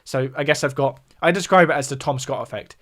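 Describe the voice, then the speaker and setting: A man with a southern English accent, from the south of England, talks a little fast in a mid-range, fairly bright voice. He's a music YouTuber hosting a livestream, chatting casually, explaining things and reacting to viewer chat between points.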